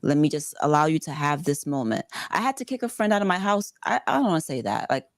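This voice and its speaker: A woman from the Bronx, a podcast guest telling a personal story in casual talk, animated and swearing freely. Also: sits low, fast, no echo. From the Bronx, New York.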